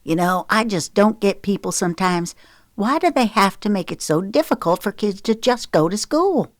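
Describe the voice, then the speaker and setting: A woman's voice: mid-range voice, expressive, normal speed, dry recording, voice pushed up, close to an everyday voice. A woman reading the part of a frank, coaxing middle-aged mother in an audiobook, in a dry recording.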